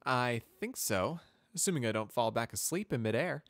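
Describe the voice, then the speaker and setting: A man's voice: medium pitch, expressive, dry recording, clean studio sound, voice pushed up, natural voice. A man voicing a tough, prickly young female pegasus cadet with a sarcastic, grumpy way of talking in a fan storybook reading. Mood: groggy grumpy. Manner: sarcastic, grumpy, quick-tempered.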